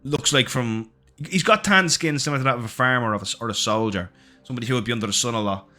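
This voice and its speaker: A man's voice: mid-range voice, fast, crowd noise. A man narrating as game master, describing a character with many fillers and hesitations.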